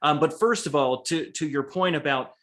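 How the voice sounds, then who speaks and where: A man's voice: a little high, normal speed, fairly bright tone. Earnest man speaking on a video call. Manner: earnest, conversational, with frequent restarts. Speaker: author. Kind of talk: online talk and Q&A. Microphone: video call microphone.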